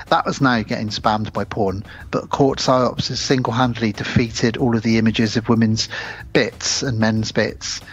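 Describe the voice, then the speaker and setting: A man's voice: mid-range voice, breathy edge. A man hosting a horror film podcast, chatting casually and rambling a little at his own expense. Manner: chatty, rambling, self-deprecating. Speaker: podcast host. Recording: slightly dull lo-fi sound.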